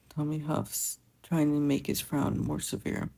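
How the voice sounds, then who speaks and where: Slow, gravelly fan fiction narrator. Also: medium pitch, completely flat delivery, poor audio. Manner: quiet, gentle storytelling. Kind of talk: audiobook narration.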